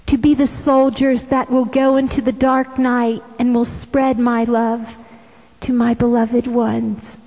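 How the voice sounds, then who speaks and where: A woman giving a slow devotional address, often slipping into hushed whispers. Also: fairly high pitch, little pitch movement, breathy edge, big-room sound, rough recording. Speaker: visionary sharing devotional messages.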